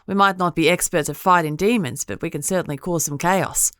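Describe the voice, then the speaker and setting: A woman's voice: fairly low pitch, brisk, fairly bright tone, no room sound, studio quality, close to an everyday voice. A woman voicing a brash, casual young witch fighter with an Australian accent in an audiobook. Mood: breezy. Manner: breezy, offhand and teasing. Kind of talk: audiobook character voice.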